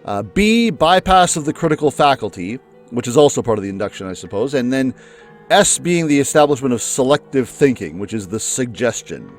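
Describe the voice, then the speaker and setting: Chatty, musing male game host. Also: brisk. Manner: chatty, musing, with lively jumps in pitch. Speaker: let's play host. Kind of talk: casual commentary before a game. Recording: faint music underneath.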